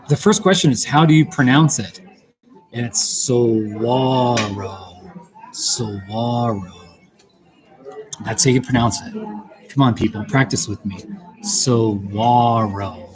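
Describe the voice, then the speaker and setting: A man hosting a casual livestream from a busy coffee shop, chatty and playful as he reads questions aloud. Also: medium pitch. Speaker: livestream host. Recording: noisy coffee shop crowd. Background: loud crowd chatter.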